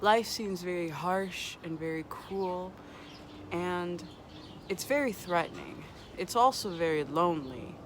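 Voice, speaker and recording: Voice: mid-range voice, lively intonation, unhurried, slight background noise, close to an everyday voice. A vlogger voicing a depressed man in a told joke, plaintive and despairing.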